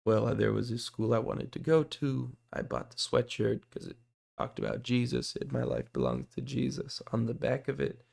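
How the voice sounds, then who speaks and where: A young man earnestly telling his personal faith testimony, excitable, his voice going hoarse. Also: medium pitch, a little slow. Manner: earnest, excitable storytelling with fillers.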